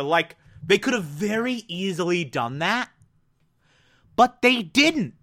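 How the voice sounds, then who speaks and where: A man casually reviewing a cartoon episode, animated and emphatic, with mocking asides. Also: high-pitched, slow pace, pauses often.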